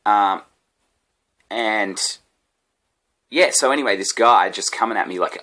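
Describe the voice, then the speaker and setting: A man's voice: fairly low pitch, brisk, bright, forceful tone. An Australian man, a comedian, telling a rambling, profane story with laughs at his own tangents. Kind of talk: casual comedic rant.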